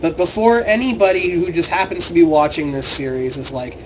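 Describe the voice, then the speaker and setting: Young male co-host, high-pitched, playful and teasing, light background noise. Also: expressive, normal speed, rough recording. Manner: teasing, playful devil's advocate. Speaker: podcast co-host. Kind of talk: casual banter.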